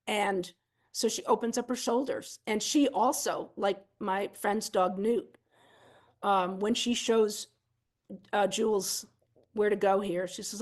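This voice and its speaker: A woman's voice: medium pitch, steady tone, slow. A woman instructor giving a conversational seminar talk, walking through video clips in an explanatory, candid, self-deprecating way with casual fillers.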